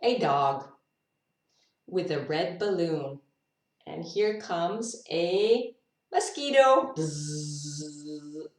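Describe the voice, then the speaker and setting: Extremely slow with long pauses, this fairly low, expressive voice belongs to an English teacher reading aloud to kids. She makes animal noises off the cuff, laughing and musing as she goes, heard at a distance with roomy echo.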